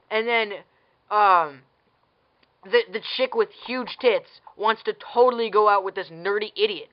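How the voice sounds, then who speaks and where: A woman's voice: mid-range voice, a little slow, muffled recording. A woman giving a casual ranting movie review as a vlogger, blunt and sarcastic, swearing freely and firing off exasperated questions.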